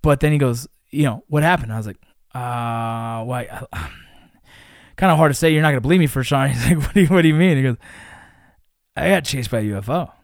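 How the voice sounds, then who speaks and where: A man telling a story in casual podcast chat, animated and profane, who bursts into shouts at the exciting moments. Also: medium pitch, a little fast, creaky, no echo, studio quality. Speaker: podcast host.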